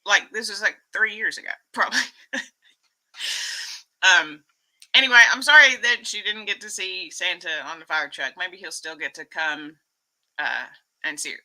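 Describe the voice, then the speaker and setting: Bright-voiced Texan woman chatting on stream. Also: on the low side, low-quality recording. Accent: Texas Southern. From Texas, US. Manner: chatty, giggly, quick to laugh. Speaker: vlogger reading live chat. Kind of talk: casual live-stream chat.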